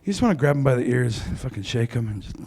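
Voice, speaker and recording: A man's voice: mid-range voice, big pitch swings, fast, a little mellow, husky. A man doing a stand-up comedy set on a club stage into a handheld mic, brash and crude with self-mocking punchlines.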